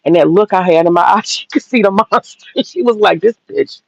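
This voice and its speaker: A woman's voice: medium pitch, brisk, lo-fi sound. A woman in her forties telling a personal story straight to viewers, blunt and profane, laughing through it. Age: 40s. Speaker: vlogger.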